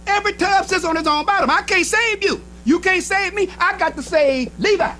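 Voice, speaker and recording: A minister preaching a sermon in an emphatic style, with short repeated phrases and speech. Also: male voice, very high-pitched, a little fast, bright, forceful tone, slight background noise, rough recording. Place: temple hall.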